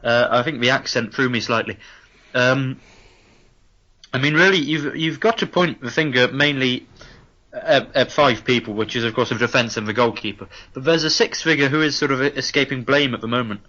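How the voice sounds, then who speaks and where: A man co-hosting a comedy football podcast, playing a deadpan, overly polite and formal phone-in presenter. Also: mid-range voice, moderate pace, highs cut off. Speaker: podcast co-host.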